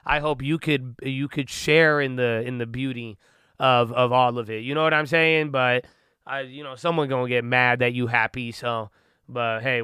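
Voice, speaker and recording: A man's voice: mid-range voice, steady tone, moderate pace, pushed and bright, clear, resonant tone, no echo, studio quality. A man hosting a trading livestream, rambling loosely and talking to his chat with "bro" and "man". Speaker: stock trading streamer.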